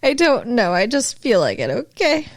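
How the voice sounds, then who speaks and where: Blunt, teasing woman with a lively high voice. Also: moderate pace, a little hiss or hum. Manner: blunt, teasing, laughs often. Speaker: podcast co-host. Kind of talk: casual chat.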